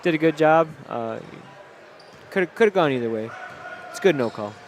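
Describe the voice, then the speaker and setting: A man's voice: on the high side, lively intonation, normal speed. Analytical color commentator man, noisy gym. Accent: Michigan. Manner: coach-like explaining of plays, easy chuckles. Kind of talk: live basketball analysis. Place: high school gym. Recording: gym ambience, bouncing ball noise.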